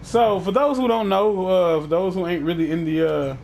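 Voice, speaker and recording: A man's voice: sits high, steady tone, moderate pace, vocal fry, a little mellow, a little hiss or hum. A man hosting a casual chat, talking in a profane, rambling way with many restarts. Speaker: podcast host.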